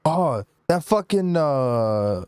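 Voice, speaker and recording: A man's voice: a little high, sing-song, drawn-out words, darkish tone, smooth. Laid-back swearing podcast guy. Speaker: podcast co-host. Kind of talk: casual chat.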